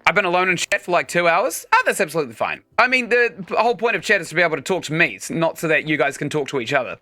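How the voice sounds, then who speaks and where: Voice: medium pitch, expressive, racing, sharp tone. A game streamer giving casual let's-play commentary, chatting and explaining mechanics while playing.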